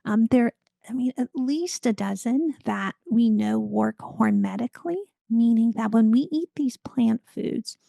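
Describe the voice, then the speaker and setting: A woman guest expert in an interview, explaining health science in an informative, measured way. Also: fairly high pitch, creaky, dark tone, no room sound.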